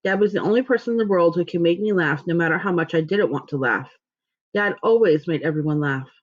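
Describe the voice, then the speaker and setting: A woman's voice: on the low side, a little fast. Woman reading a storybook aloud, lo-fi. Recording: dull lo-fi recording.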